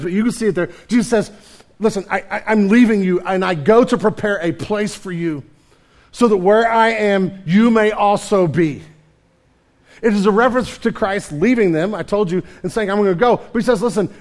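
A man preaching a sermon, animated, with frequent restarts and casual asides. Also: high voice. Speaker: pastor.

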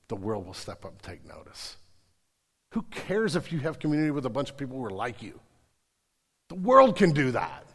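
A man preaching a sermon as pastor, animated, stammering into restarts and mimicking the people he describes. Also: mid-range voice, moderate pace, long pauses, slightly rough, big-room sound.

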